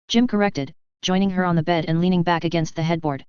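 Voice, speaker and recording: A woman reading fan fiction aloud as narrator, with a steady, even storytelling delivery. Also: on the low side, fast talker, few pauses, smooth, dry recording, highs cut off. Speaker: audiobook narrator. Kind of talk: scripted narration.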